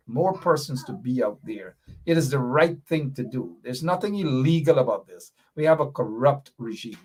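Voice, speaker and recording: A man's voice: medium pitch, breathy edge. A man with a Guyanese accent hosting a radio talk show, mixing chuckles with emphatic, repeated points. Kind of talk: casual political commentary.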